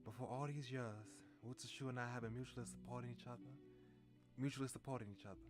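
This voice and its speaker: A man's voice: mid-range voice, fairly even intonation, fast, music in the background. A man streaming a story game, reading its lines aloud and often restarting and correcting himself.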